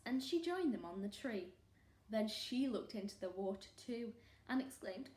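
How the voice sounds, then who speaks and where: Expressive woman teacher reading aloud. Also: on the high side, unhurried. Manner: expressive, animated. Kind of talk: storybook read-aloud for children. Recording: roomy echo.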